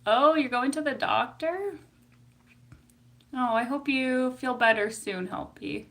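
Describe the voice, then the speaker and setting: A woman's voice: sits high, slow pace, a bit bright, exaggerated voice. A woman voicing a fussing, motherly older British lady with a put-on British accent and a cooing manner. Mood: doting.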